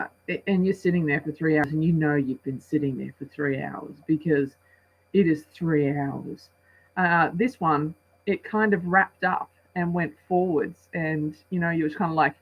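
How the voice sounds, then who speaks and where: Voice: mid-range voice, moderate pace, husky, muffled recording. A movie reviewer giving a casual spoken review, rambling and chatty, with many restarts and acted-out asides.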